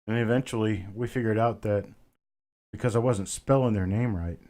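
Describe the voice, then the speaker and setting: A man's voice: lowish voice, normal speed, a little mellow. Chatty man hosting a live coin auction. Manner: chatty, answers chat comments by name, calls viewers brother. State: a bit winded. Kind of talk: casual live-stream chat with viewers.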